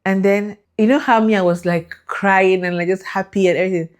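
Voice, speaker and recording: A young woman telling her faith testimony in an animated, emotional way, laughing and acting out the people in her story. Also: mid-range voice, fairly quick. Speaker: vlogger sharing a faith testimony.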